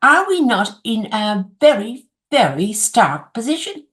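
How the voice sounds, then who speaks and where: Lively, expressive woman hosting a podcast. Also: on the high side. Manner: expressive, measured reading with rhetorical questions. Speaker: podcast host. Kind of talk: interview, partly reading aloud from a blog.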